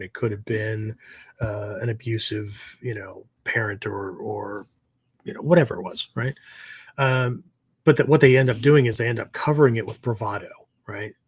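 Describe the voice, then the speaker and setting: A man's voice: fairly low pitch, husky, dry recording. A man hosting his show as a martial arts teacher, giving a casual spoken lecture that meanders, full of fillers and "right?" tag questions.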